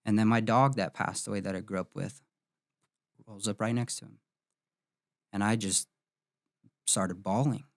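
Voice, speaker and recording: A man in his thirties, a podcast host, telling a painful personal story in an emotional, halting way with many restarts. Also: fairly low pitch, steady tone, no room sound, studio quality.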